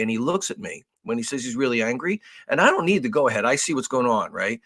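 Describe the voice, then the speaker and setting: A man co-hosting a podcast, telling a long story in a casual, animated way with lots of swearing. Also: mid-range voice, quick pace, hardly any pauses. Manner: animated, profane, acts out raised voices. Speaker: podcast co-host.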